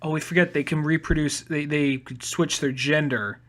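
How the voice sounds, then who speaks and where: A bright male voice, a bit higher than most, rambling on a casual podcast. He circles his points and keeps restarting sentences. The tone stays loose and conversational, with the odd curse. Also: steady tone, moderate pace. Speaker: podcast co-host.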